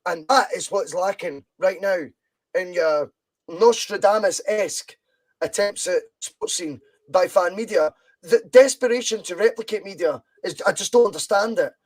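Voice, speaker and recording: A man's voice: sits high, moderate pace. A Scottish man hosting a football podcast, talking bluntly and swearing freely as he argues his opinions. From Scotland. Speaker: podcast host. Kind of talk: casual football podcast chat.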